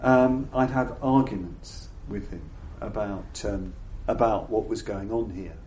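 An aging man offers a reflective Buddhist teaching to a gathered audience, faltering thoughtfully and repeating words as he works out his phrasing. His pitch is fairly low and his tone darkish. Echo from the room and a little background noise are audible.

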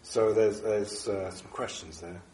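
A man with a congested, bunged-up voice from a cold, giving a Buddhist dharma talk to a group in a halting way with many fillers and restarts. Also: fairly low pitch, steady tone, dark tone, a little hiss or hum. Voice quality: bunged up, nasal. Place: echoey room with a small audience. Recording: echoey room recording.

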